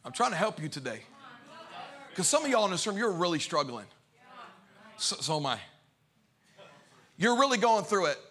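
A man preaching a sermon to a church crowd, moving from hushed storytelling to shouted, sing-song calls. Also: high voice, sing-song, moderate pace, long pauses. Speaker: pastor. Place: church sanctuary.

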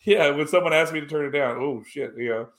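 A man's voice: a little high, fast talker, a bit bright. A man in casual chat, retelling a film scene by scene with many fillers and restarts.

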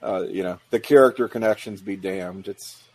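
A man's voice: low-pitched, normal speed, a little mellow. A man co-hosting a movie commentary, giving wry, opinionated takes and restarting his sentences as he goes. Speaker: co-host of a movie watch-along commentary. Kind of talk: casual chat.

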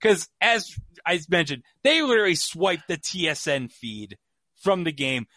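Chatty male podcast host, bright voice. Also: fairly high pitch, big pitch swings, measured pace, dry recording. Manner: chatty storyteller, many fillers. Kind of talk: casual chat.

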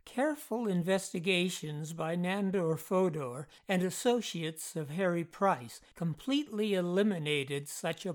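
Slow, measured storytelling narrator. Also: mid-range voice. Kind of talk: scripted documentary narration.

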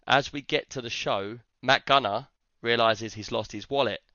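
Bright-voiced guy telling stories. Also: mid-range voice, moderate pace, no echo, dull audio. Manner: animated storyteller, acts out others' lines. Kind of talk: casual chat.

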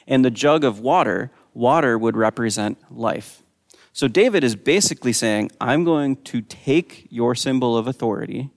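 Man preaching in a reverberant hall. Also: gravelly. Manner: conversational teaching, reads scripture aloud with raised pitch. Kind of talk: sermon.

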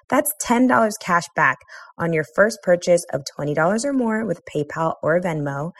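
A woman's voice: deep voice, no echo. A woman reading a scripted advertisement in an upbeat, promotional way. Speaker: ad reader. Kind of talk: scripted ad read.

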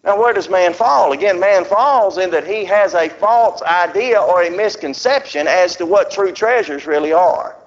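A man preaching a sermon, slowing down and stressing words as he reads scripture aloud. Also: sits high, lively intonation. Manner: drawn-out emphatic scripture reading. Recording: dull lo-fi recording.

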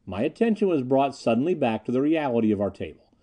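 A man reads an old adventure story aloud, expressive and measured. His voice is very dark and mellow, with a lively, rolling melody. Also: medium pitch. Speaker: audiobook narrator. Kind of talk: scripted audiobook narration.

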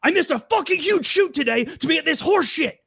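A man's voice: very high voice, animated, brisk, vocal fry, pushed and bright, voice pushed up, heavily acted. A man impersonating a furious male internet troll host in a screaming, cursing meltdown. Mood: raging.

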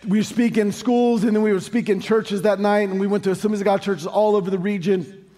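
A man's voice: high voice, level tone, a little fast, mellow. An American man preaching a sermon as pastor, telling stories with joking asides and building to sung emphasis. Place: large church hall. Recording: long hall reverb, faint music.

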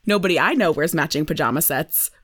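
A woman's voice: low voice, quick pace, fairly bright tone, no room sound. A woman co-hosting a podcast, chatting casually with wry, dry humor. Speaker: podcast co-host. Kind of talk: casual chat recapping a TV episode.

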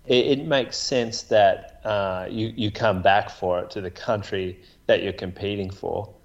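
A man's voice: fairly low pitch, steady tone, a little slow, highs cut off. A man co-hosting a podcast, rambling casually with restarts and many "like"s. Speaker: podcast co-host. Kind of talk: casual chat about running.

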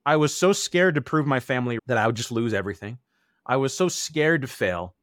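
A man's voice: mid-range voice, lively intonation, brisk, a bit bright, dry recording, clean studio sound. A man in his thirties, an interview guest, telling his own story in a candid, earnest way and acting out remembered quotes.

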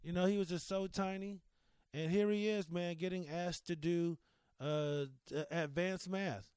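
A man's voice: high-pitched, fairly even intonation, unhurried, darkish tone, clean tone, dry recording. A man in his thirties hosting a casual solo podcast, talking candidly and emotionally about his son, rambling with restarts and the odd curse into a studio microphone. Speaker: podcast host.

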